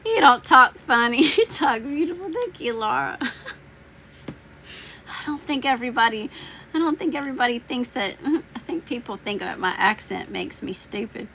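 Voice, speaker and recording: A woman runs a live tarot reading and chats straight to her viewers, joking and slangy with a blunt edge. Her voice sits a touch high and rings bright and forceful. It is slightly worn, as she is losing it. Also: animated, moderate pace, a little hiss or hum. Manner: teasing, laughing, slangy and blunt. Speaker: tarot reader hosting a live stream. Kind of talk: casual livestream chat answering viewers.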